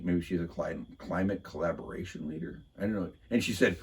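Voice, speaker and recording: A man's voice: deep voice, fairly even intonation, moderate pace, darkish tone, slightly rough. A man casually recapping a local council meeting in a sarcastic, rambling way, full of fillers and restarts.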